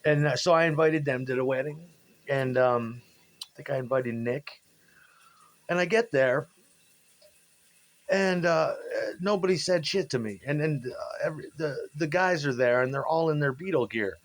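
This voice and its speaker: A man's voice: a little high, moderate pace. Rambling, profane man telling band stories. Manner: profane, rambling, animated when quoting people. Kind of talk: casual storytelling monologue.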